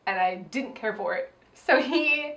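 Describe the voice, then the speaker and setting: A woman's voice: a little high, measured pace. A woman co-hosting a film review podcast, chatting casually, swearing freely and acting out her own reactions. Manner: animated, profane, acts out her reactions. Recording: roomy echo.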